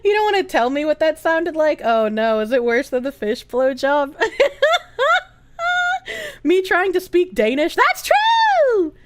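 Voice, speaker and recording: A woman's voice: sits high, lively intonation, normal speed, hardly any pauses. A woman streamer chatting casually and giggling a lot as she reads out her chat.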